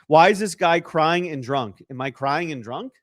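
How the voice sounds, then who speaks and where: A young man hosts a loose, joking livestream. He rambles through chat messages and donations, and his voice sits a little high. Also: expressive, normal speed. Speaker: livestream host.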